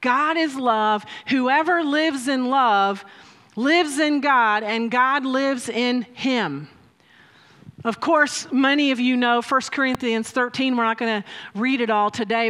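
A woman with a high, fairly bright voice preaches a sermon into a handheld or stand mic in a church hall, the recording carrying a long hall reverb. She tells stories, laughing often and rising emphatically.

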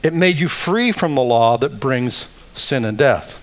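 A male pastor preaching a sermon, deliberate and emphatic, with wry asides. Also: mid-range voice, expressive.

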